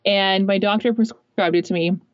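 A young woman tells a personal story in a loose, rambling way and leans on filler words as she goes. Her voice is mid-pitched. The recording is close and dry, with a muffled, lo-fi tone. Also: steady tone, moderate pace, dry recording. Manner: chatty, rambling, many fillers. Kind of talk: casual storytelling. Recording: dull lo-fi recording.

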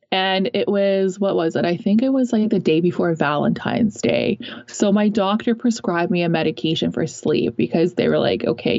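A young woman tells a personal story in a loose, rambling way and leans on filler words as she goes. Her voice is mid-pitched. The recording is close and dry, with a muffled, lo-fi tone. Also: vocal fry, darkish tone, no room sound. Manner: chatty, rambling, many fillers. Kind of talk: casual storytelling. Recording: dull lo-fi recording.

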